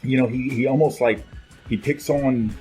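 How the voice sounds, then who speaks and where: A man's voice: medium pitch, fairly even intonation, normal speed, warm tone, faint music behind. A man co-hosting a film podcast, chatting in an easygoing, slangy way. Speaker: podcast co-host. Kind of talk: casual chat.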